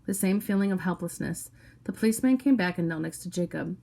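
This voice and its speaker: A woman reads a novel aloud in the first person. Her storytelling is steady and low-key, set in a lowish register. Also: quick pace, creaky. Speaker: audiobook reader.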